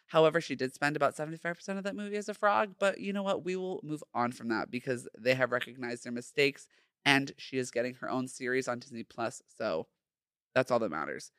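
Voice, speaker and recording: A man's voice: medium pitch, fairly quick, fairly bright tone, smooth, no room sound, studio quality. A young man hosting a casual solo podcast, sassy and playful, full of slang. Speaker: podcast host.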